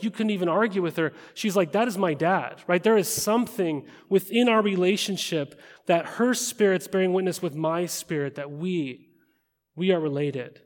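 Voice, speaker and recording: Conversational male preacher in a reverberant hall. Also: on the high side. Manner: conversational, rhetorical questions with frequent "right?". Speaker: pastor. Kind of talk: sermon. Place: large room with an audience.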